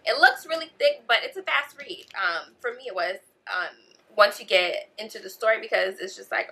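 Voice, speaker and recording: A woman's voice: on the high side, animated, a little fast, bright, forceful tone, low-quality recording. A woman casually reviewing a novel for her vlog, chatty and gushing, full of fillers and "like". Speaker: book vlogger.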